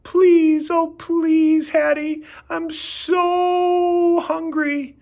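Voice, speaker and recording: A man reading a storybook aloud, voicing a hungry pet dog who whimpers and begs in a high, pleading voice. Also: level tone, extremely slow, vocal fry, a little mellow, exaggerated voice.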